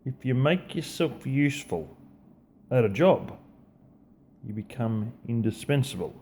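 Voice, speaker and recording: Australian male vlogger, mid-pitched, slow, blunt and sweary, casual motivational rant. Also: expressive, darkish tone, a little hiss or hum. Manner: blunt, profane, conversational.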